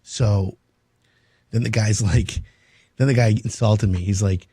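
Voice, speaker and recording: A man's voice: fairly low pitch, steady tone, unhurried, pauses often, dark tone, husky, no room sound. A male radio host talking casually on air, telling jokey stories and taking listener questions from a studio. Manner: chatty, storytelling, jokey. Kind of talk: casual talk radio chat.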